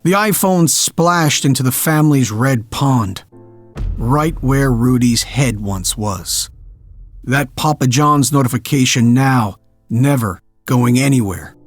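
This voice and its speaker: Slow dark male horror narrator. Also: mid-range voice, faint music behind.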